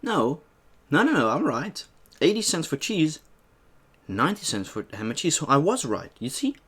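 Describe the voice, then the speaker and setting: A young man eating on camera and telling a story in a casual, animated way, swearing freely as he acts out an argument at a shop. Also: on the high side, normal speed, breathy edge. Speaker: mukbang host.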